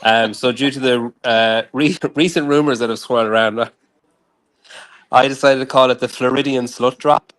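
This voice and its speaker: A man's voice: medium pitch, fairly even intonation, moderate pace, fairly bright tone. A man talking as a podcast guest, dry and self-mocking in his jokes. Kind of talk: casual chat.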